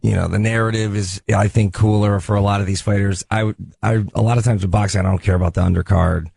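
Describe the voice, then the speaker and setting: Gravelly, husky man in radio banter. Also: lowish voice, steady tone, fast talker, a little mellow. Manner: hesitant, filler-heavy. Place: radio studio.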